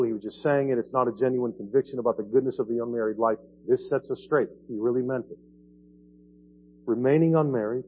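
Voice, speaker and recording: A man preaches in a church, relaxed and conversational, with frequent "right?" tags aimed at the congregation. The recording sounds dull and lo-fi, with a faint hum underneath. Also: mid-range voice. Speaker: pastor. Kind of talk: sermon. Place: church sanctuary.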